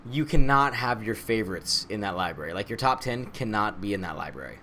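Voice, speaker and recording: Low-voiced man hosting a podcast. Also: animated, brisk, sharp tone, a little hiss or hum. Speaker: podcast host. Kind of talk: casual podcast chat.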